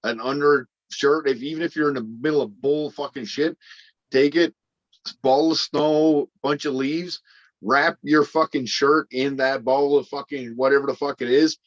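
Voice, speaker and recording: A man telling rough stories in a casual livestream chat, rambling and swearing heavily. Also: mid-range voice, steady tone, moderate pace, dry recording. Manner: rambling, heavy swearing, blunt storytelling. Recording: dry, slightly dull call audio.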